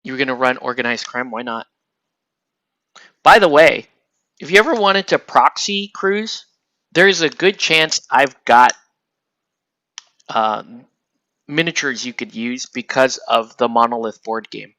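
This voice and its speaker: A man chats casually on a livestream while he paints miniatures, rambling from one excited aside to the next. His voice is bright and sharp, and the sound is dry and close to the mic. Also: mid-range voice, unhurried, pauses often, no room sound. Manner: rambling, excitable, laughs often. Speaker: livestream host.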